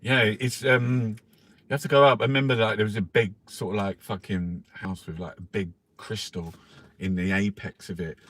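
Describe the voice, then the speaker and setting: A man hosting a casual newspaper review. He swears constantly, rambles with lots of restarts and fillers, and reads headlines out louder. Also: fairly even intonation, moderate pace. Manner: louder and higher when reading headlines. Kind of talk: casual live-stream chat, reading headlines aloud.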